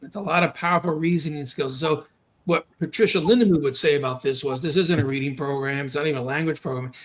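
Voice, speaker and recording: A man hosting a podcast, explaining reading steps in a quick, encouraging, coaching way. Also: a little high. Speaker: podcast host and reading instructor. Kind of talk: conversational coaching.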